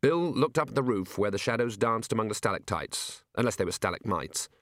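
Expressive male audiobook narrator, dry sound. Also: fairly low pitch, a little fast, no echo. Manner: wry, expressive storytelling. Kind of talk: scripted narration.

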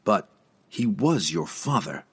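A man voicing a stoic, defiant male dark elf warrior who speaks calmly and sarcastically, in an audiobook. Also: fairly low pitch, slow, slightly rough, exaggerated voice. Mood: reasoning. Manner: calm, controlled, sarcastic.

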